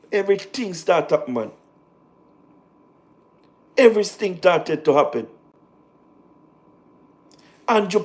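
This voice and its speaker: High-voiced Jamaican man ranting live. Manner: animated, repetitive, talks in patois with laughs. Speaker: livestream political commentator. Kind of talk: casual political livestream commentary.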